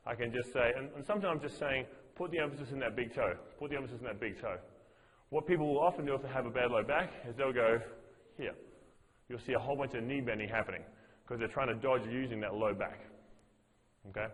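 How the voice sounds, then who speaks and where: A man's voice: medium pitch, a bit bright, long reverb tail, poor audio. A man teaching as a fitness master trainer, explaining movements to a group step by step and repeating his cues. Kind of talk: coaching a group workshop.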